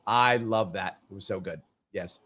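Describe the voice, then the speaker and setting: A man's voice: low voice, normal speed, a bit bright. A man hosting a live stream, chatting casually and reading viewer comments aloud, upbeat and repetitive. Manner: chatty, upbeat, repeats himself. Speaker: host.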